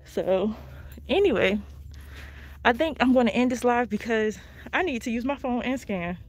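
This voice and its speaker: A woman with a fairly high, expressive voice speaks at normal speed, with no echo, while live-vlogging a shopping trip through a discount store. This couponing vlogger holds her phone as she walks, chatting with viewers she calls "y'all," and faint store noise is audible.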